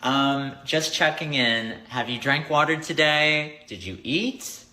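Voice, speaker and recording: A man putting on a slow, bright, caring check-in voice. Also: a little high, heavily acted.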